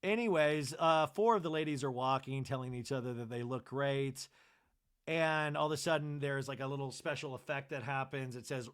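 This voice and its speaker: A man's voice: medium pitch, normal speed. A man from New Jersey hosting a comedy podcast, recapping a TV episode in a rambling, sarcastic way full of asides. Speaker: podcast host.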